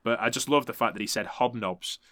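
Male podcast host, bright tense voice, chatty, profane recapper. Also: medium pitch, dry recording. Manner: chatty, swears freely, quick to laugh. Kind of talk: casual recap commentary.

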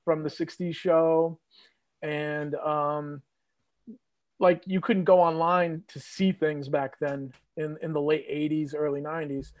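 A man's voice: on the high side, flat delivery, slow, no echo. Rambling man from New England. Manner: rambling, reminiscing with many fillers. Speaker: guest, host's father or uncle. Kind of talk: casual podcast chat.

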